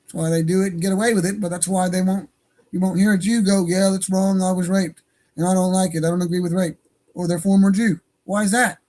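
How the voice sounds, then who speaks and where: A man's voice: sits high, little pitch movement, a little fast, darkish tone. A man hosting an online radio show, talking in a profane, rambling and heated way. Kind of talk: casual ranting monologue. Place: home studio for an online stream.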